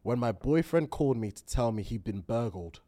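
A young man, co-hosting a podcast, often laughing and quickly backing up his friend. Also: medium pitch, expressive, warm tone. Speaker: podcast co-host. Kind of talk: casual chat.

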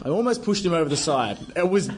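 A man with an Australian accent, a podcast co-host telling a story with mock outrage, full of halting restarts and talking about himself in the third person. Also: on the high side, big pitch swings, a crowd in the background. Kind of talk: casual chat, storytelling.

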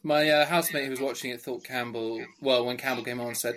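An Englishman, co-hosting a podcast in casual chat, relaxed and wry. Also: medium pitch, fast. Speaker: podcast co-host. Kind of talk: casual chat reviewing a quiz show.

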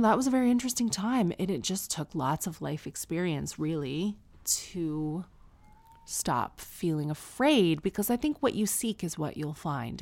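A woman's voice: low-pitched, vocal fry, darkish tone. A woman hosting an advice podcast, answering a listener with frank, conversational personal stories. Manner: frank, conversational, with frequent restarts and emphatic asides. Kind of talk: casual, candid personal storytelling.

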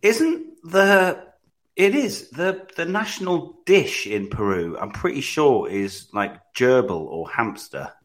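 A man's voice: fairly high pitch, animated, slow. A man co-hosting a casual podcast, teasing the others with dry banter. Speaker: podcast co-host. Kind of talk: casual chat.

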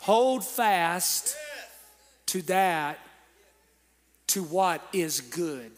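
A man preaching a sermon in a church, calling on the congregation to answer back and building to shouted peaks. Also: high-pitched, animated, very slow. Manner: preaching with call-and-response to the congregation. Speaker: pastor. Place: church sanctuary. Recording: long reverb of a church hall.

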